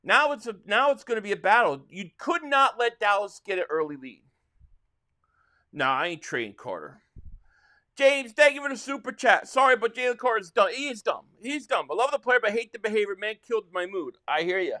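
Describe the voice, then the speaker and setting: Speaking fairly quickly in a high, very animated voice that's bright and forceful, a Philadelphia-area man hosts a football reaction livestream. His talk is frustrated and rambling, broken up by reading viewer super chats.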